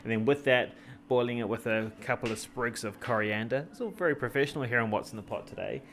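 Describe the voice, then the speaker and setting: A man's voice: mid-range voice, fast talker, a bit bright, slight background noise. A man hosting a casual travel cooking vlog, talking in a rambling, jokey way with lots of fillers and restarts. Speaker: travel vlogger and host.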